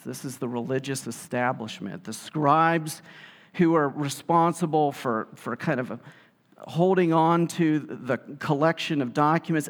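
A man preaching a sermon, telling the story in a lively way and acting out the quotes. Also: mid-range voice. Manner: animated storytelling, acts out quotes. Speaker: pastor. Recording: long hall reverb.

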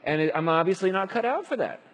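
A man's voice: sits high, sing-song, fast, fairly bright tone, pitched above the performer's own voice, full character voice. A man voicing Moses as an anxious, self-doubting eighty-year-old who stammers and pleads. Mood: flustered. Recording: long hall reverb.

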